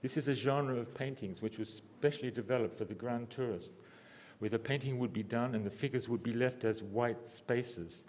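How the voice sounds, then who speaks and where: A man giving a symposium lecture, halting and restarting often, with dry humor. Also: medium pitch, darkish tone, in a large hall. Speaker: lecturer, architect. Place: lecture hall.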